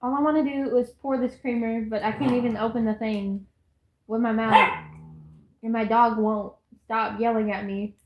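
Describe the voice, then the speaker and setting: Woman streamer, high voice, chatty and giggly, echoey room. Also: steady tone, moderate pace, lo-fi sound. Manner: rambling, giggly, talks to chat and herself. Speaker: livestreamer. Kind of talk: casual live-stream chatter. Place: at home, indoors.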